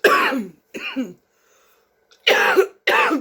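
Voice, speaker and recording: A woman's voice: very high-pitched, wildly swooping pitch, drawn-out words, pushed and bright. A woman vlogger, delivering a fired-up, profane rant straight to her viewers. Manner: fired up, blunt, swearing heavily. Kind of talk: angry profane rant to camera.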